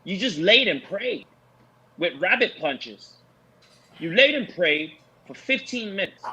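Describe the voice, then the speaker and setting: A man talking in an animated post-fight show discussion, preachy and emphatic, repeating his points for effect. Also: high-pitched, unhurried, slightly rough, lo-fi sound. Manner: preachy, emphatic, repeats lines for effect, mocks with put-on voices.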